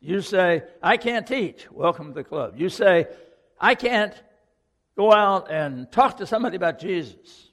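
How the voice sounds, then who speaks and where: A man's voice: sits high, lively intonation, a little slow, fairly bright tone, long reverb tail. A man preaching a sermon to a congregation, earnest and questioning, repeating key lines for emphasis. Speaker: pastor.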